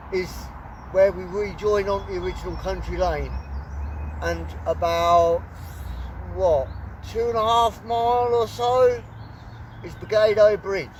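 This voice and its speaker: A man's voice: high-pitched, a little slow. A man telling a story outdoors by a country road, in a chatty manner that corrects itself as he goes. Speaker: vlogger. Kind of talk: casual storytelling. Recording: distant mic with loud outdoor noise.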